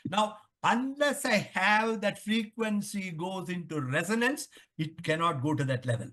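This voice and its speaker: An older man with an Indian English accent talks in a high voice, lecturing through a long interview answer. He repeats points and poses questions to himself as he explains. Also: animated, measured pace, fairly bright tone. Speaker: author interviewed on the Vedas.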